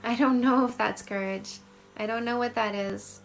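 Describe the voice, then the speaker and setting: Gravelly-voiced woman in her forties. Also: on the high side, steady tone, normal speed, faint music behind. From Canada. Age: 40s. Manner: candid, emphatic, repeats phrases. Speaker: dating coach. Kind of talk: livestream chat answering viewer comments.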